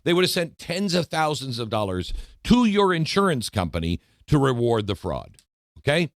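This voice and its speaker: This is a man hosting a talk show and delivering an indignant political monologue. His pitch rises and falls in lively swings, and he drags out key phrases for effect. The sound is dry and close to the mic. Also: dry recording. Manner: emphatic, indignant, sarcastic, with dramatic slowdowns.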